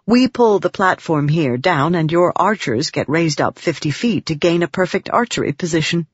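A woman's voice: lowish voice, lively intonation, husky, no echo. A woman voicing a gracious noblewoman patron. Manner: gracious, measured, explaining patiently. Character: poised noblewoman patron of scholars. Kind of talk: audiobook character reading. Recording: dry, slightly muffled recording.

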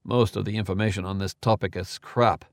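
Casting: narrator doing a cool, matter-of-fact explainer, dry close read, even delivery. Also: male voice, fairly low pitch, brisk, creaky, no echo. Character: calm, precise, lecturing man.

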